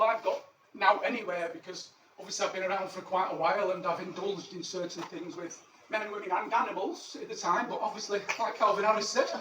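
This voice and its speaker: A male comedian with a high-pitched voice, lightly acted, plays a cheeky ancient Roman soldier living in Manchester, boasting in a crude, rambling stand-up monologue. The recording is distant and echoey, with a roomy sound and background noise.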